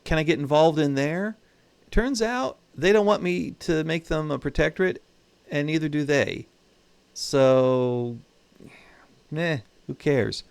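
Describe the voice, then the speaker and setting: A man's voice: fairly high pitch, takes it slowly, creaky, clear, resonant tone, no room sound. A man hosting his own channel, giving casual, wry commentary while he plays a strategy game and thinks aloud about his moves. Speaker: gaming channel host.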